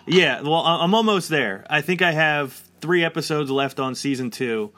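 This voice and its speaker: Guy around 40 just chatting, rambly, says like a lot, kinda bright tone. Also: on the high side, animated, moderate pace. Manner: rambling, heavy use of "like" fillers. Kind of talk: casual chat.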